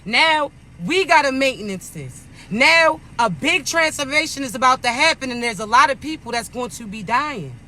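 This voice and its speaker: A man's voice: extremely high pitch, expressive, moderate pace, bright, forceful tone, slight background noise. A man giving a casual spiritual pep talk in a blunt, profane, scolding manner. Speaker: spiritual content creator.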